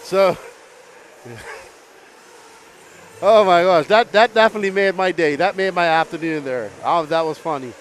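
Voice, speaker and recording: A man calling a live RC car race as announcer, excitable and often laughing between calls. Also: high voice, measured pace, pauses often.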